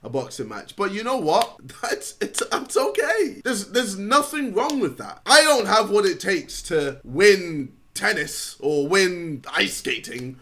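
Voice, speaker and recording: A man's voice: sits high, big pitch swings, unhurried, hardly any pauses, fairly bright tone. A man speaking frankly and scolding someone directly, swearing freely, in a clip played from another video. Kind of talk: blunt direct address.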